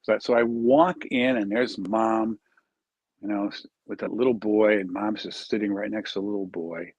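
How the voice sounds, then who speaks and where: A man's voice: on the low side, fairly even intonation, moderate pace, a little mellow, husky, no echo, highs cut off. A man, a charity founder, telling an earnest story in an interview and acting out the quoted dialogue.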